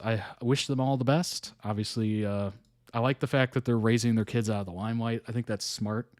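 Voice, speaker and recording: A man's voice: fairly low pitch, steady tone, brisk, a little mellow, dry recording, studio quality. Man casually reading and reacting. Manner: reads articles aloud, chuckles and muses between. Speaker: reaction video host.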